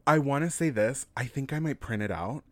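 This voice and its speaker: A man co-hosting a podcast in casual chat, excitable and gushing, swearing often. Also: mid-range voice, brisk, dry recording, clean studio sound. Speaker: podcast co-host.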